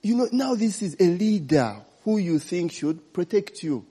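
Man, chatty sermon, mellow husky voice, long hall echo. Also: high voice, expressive, a little slow. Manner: chatty, frequent "eh?" and "okay?" check-ins. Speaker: pastor. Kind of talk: informal sermon.

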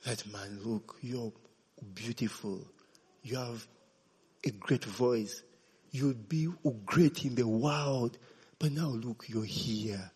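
A sly whispering devil, as a preacher puts him on. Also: male voice, on the low side, little pitch movement, normal speed, hardly any pauses, husky, pitched below the performer's own voice. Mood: coaxing hush. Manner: hushed, coaxing. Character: devil whispering temptation, sly male spirit.

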